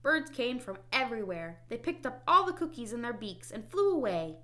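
A woman reading children's stories aloud in a slow, expressive, clearly paced way. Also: a little high, noisy background. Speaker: storybook reader. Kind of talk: children's story read-aloud.

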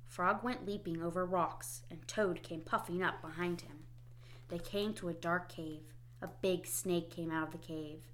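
A woman reading children's stories aloud in a slow, expressive, clearly paced way. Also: lowish voice, a little hiss or hum. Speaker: storybook reader. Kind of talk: children's story read-aloud.

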